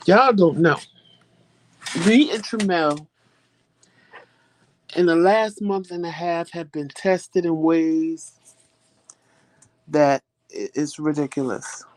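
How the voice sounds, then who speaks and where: A woman hosting a vlog, telling viewers a story in a casual, animated way and often repeating phrases for emphasis. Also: sits low, slow pace, long pauses. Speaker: vlog host.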